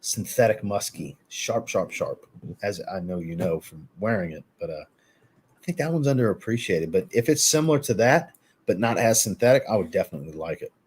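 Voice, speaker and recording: Casual male live-streamer, low-ish voice, easygoing and chatty, reacts to chat. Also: sing-song, moderate pace, a little mellow, breathy edge. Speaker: fragrance reviewer hosting a live stream.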